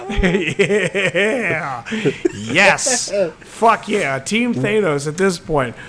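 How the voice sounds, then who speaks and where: A man's voice: high-pitched, big pitch swings, takes it slowly, over a noisy crowd. A man co-hosting a podcast, telling crude stories with lots of swearing and laughter. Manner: profane, laughing storyteller. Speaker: podcast co-host. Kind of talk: crude casual chat.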